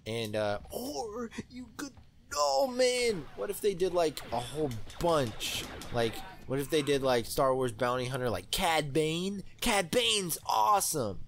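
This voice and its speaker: A young man giving excitable, rambling commentary while playing a video game, with many fillers. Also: on the high side, unhurried, gravelly, hardly any pauses, slight background noise. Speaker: let's play host. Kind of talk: gaming commentary.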